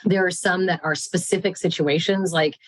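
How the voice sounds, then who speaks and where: A woman who teaches human sexuality, guest on a podcast, explaining relationship ideas at length and acting out quoted voices with jumps in pitch. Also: steady tone, normal speed, dry recording, poor audio. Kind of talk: casual podcast chat.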